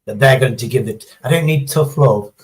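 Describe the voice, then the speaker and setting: A man's voice: mid-range voice, normal speed, low-quality recording. A middle-aged man, chatting casually on a livestream in a rambling, sweary, sarcastic way. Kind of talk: casual chat.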